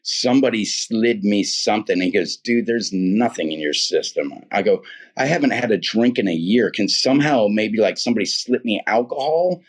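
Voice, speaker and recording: A man's voice: fairly low pitch, moderate pace. A middle-aged man telling his own life story in casual, earnest, rambling speech, full of "dude" and "man". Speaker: guest telling his testimony. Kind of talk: casual personal testimony.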